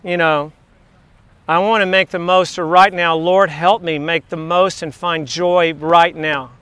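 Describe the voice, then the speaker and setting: A man in his fifties, a teacher giving a devotional message to his class, telling faith stories in an excitable, chatty, digressive way. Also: fairly high pitch, unhurried, smooth, dry recording. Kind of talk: rambling faith storytelling to a class.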